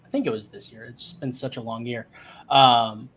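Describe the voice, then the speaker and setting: A man's voice: mid-range voice, steady tone, normal speed, a bit bright, a little hiss or hum. A man hosting a casual interview, asking rambling questions full of fillers and restarts. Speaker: show host.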